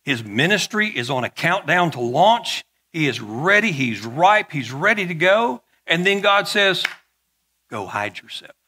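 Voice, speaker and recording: A man's voice: sits high, very animated, unhurried, hardly any pauses, sharp tone, slightly rough. A middle-aged male pastor preaching a sermon in a conversational way, with joking asides and frequent repeated words.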